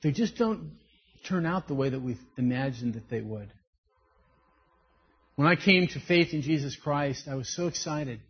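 A man's voice: on the high side, normal speed, long pauses, breathy edge. A man preaching a sermon, telling stories and acting out the voices in them. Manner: animated storytelling, acts out quoted voices. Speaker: pastor. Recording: dull lo-fi recording.

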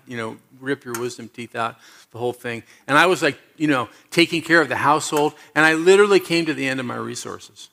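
A middle-aged man preaching a sermon, telling personal stories, moving from loud animated moments to soft low asides. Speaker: pastor.

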